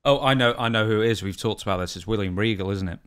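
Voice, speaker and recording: A man's voice: on the low side, quick pace, fairly bright tone, clean tone. A man co-hosting a podcast, chiming in with playful teasing. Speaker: podcast co-host.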